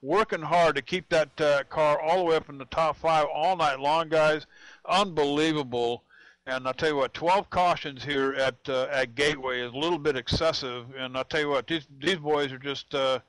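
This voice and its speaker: A man's voice: on the high side, normal speed, fairly bright tone, no echo, low-quality recording. A man doing play-by-play commentary on a sim race, folksy and chatty, often repeating "I'll tell you what.".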